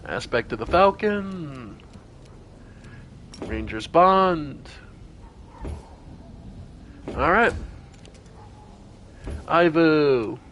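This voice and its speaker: A man streams a fantasy role-playing game and talks his party through each turn out loud. His voice sits a little high and swings widely in pitch, with sudden bright exclamations. He speaks slowly and without hurry. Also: expressive, slight background noise. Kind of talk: casual gameplay commentary.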